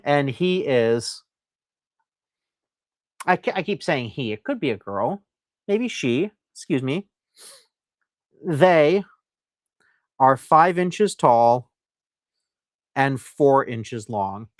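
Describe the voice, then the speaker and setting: A man's voice: mid-range voice, lively intonation, slow pace, long pauses, dry recording. Guy hosting a live antique sale, rambly and upbeat, dry close sound. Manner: chatty and enthusiastic, reads viewer comments aloud; loose and rambling, with frequent fillers. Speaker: host selling antiques on a live stream. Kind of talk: live sales presentation.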